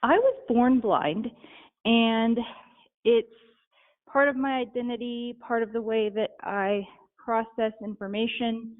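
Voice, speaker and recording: A young woman speaks in a measured, matter-of-fact manner as an interview guest. Her voice sits fairly high. It comes through a narrow, phone-like line with no room sound at all. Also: steady tone, dry recording. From Utah. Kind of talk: interview answers.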